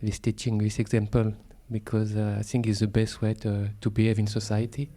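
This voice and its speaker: French-accented monk, mellow and dark tone, hesitant and polite. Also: male voice, lowish voice, monotone, brisk. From France. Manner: hesitant, polite, many fillers. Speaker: monk asking a question. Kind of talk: discussion question.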